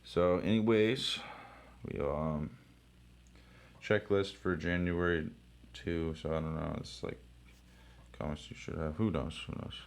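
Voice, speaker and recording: Young man, deep voice, casual comic commentary, excitable, profane, rambling. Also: measured pace, creaky, long pauses. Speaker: comic book reviewer.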